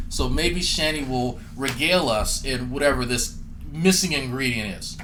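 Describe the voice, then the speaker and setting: A man's voice: medium pitch, normal speed, background noise. A man doing profane, mocking commentary as a streamer, sarcastic and swearing often.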